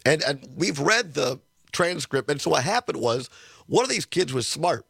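A man's voice: fairly high pitch, expressive, moderate pace, gravelly, a bit bright, husky, no echo, clean studio sound. A man hosting a political talk radio show, congested from sinus trouble, who talks in a rambling, sarcastic way.

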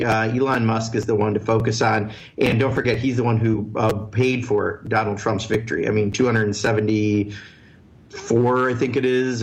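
A man's voice: mid-range voice, poor audio. A man, a congressman, answering callers on a radio show in a blunt, earnest way with many fillers. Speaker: congressman guest.

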